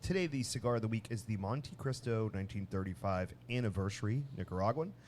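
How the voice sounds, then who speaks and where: A man co-hosting a casual podcast, telling a long family story with many restarts and lively acted-out bits. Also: lowish voice, fast, slight background noise. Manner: rambling, restarts often, animated when telling a story. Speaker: podcast co-host.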